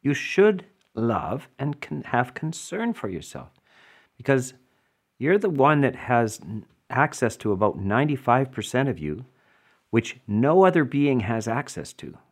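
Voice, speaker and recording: A man's voice: medium pitch, sing-song, unhurried. A man giving a dharma talk as a Buddhist teacher, explaining emphatically and answering listener questions with rhetorical asides.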